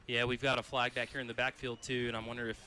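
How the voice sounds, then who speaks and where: A man giving color commentary on a high school football broadcast in a relaxed, conversational way. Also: fast talker, slight background noise.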